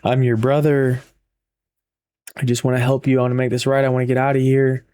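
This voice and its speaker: A man voicing a remorseful young man who pleads gently and repeats himself. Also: medium pitch, level tone, brisk, lightly acted. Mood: pleading.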